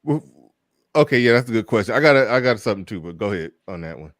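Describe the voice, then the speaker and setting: A man's voice: lowish voice, animated, no echo, clean studio sound. Laid-back man hosting a live stream. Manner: laid-back, drawling, halting.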